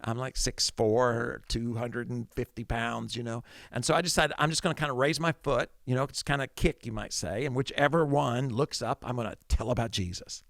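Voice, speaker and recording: Gravelly pastor telling a lively story. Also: male voice, mid-range voice, moderate pace, few pauses, no echo, studio quality. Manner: animated storyteller acting out his own thoughts. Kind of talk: storytelling sermon.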